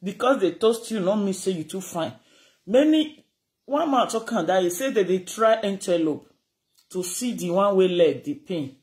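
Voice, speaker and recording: A speaker with a Nigerian accent in a casual rant to camera, animated and scolding, switching between Pidgin and Yoruba. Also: mid-range voice, moderate pace.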